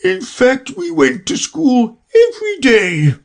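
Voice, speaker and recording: A man voicing the Mock Turtle as a sobbing, melancholy old creature in a storybook reading, with a slow, high, tearful wail. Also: huge pitch swings, gravelly, exaggerated voice.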